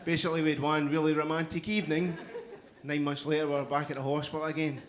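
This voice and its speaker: A middle-aged man with a Glaswegian accent, performing a stand-up comedy set on a club stage, with loud, punchy crowd work. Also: fairly high pitch, little pitch movement, fast talker, background noise. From Scotland. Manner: loud, punchy crowd work with frequent "you know what I mean".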